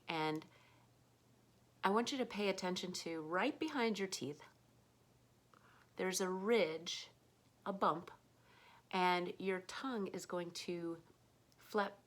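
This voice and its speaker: An American woman talks through a pronunciation lesson in an unhurried, casual way, pausing with ums and sounding words out. Her voice sits a little low, and her delivery is very slow. A faint hum of room ambience lies under her. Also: a bit bright. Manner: slow, patient, with frequent ums and demonstrations. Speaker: English pronunciation teacher.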